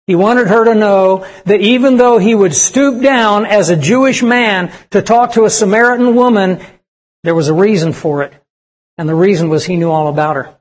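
A man preaching a sermon with passion, acting out the voices he quotes and swinging between loud and hushed delivery. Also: high voice. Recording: reverberant hall.

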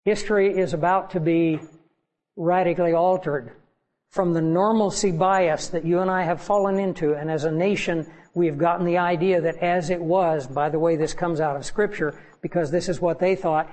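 A man's voice: a little high, fairly even intonation, normal speed, a little mellow, poor audio. A man preaching a sermon as pastor, earnest and pleading with his congregation.

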